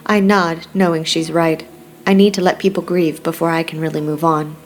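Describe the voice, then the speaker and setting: A woman narrating a romance audiobook in the first person with a steady, reflective reading. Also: low-pitched, moderate pace, a little hiss or hum.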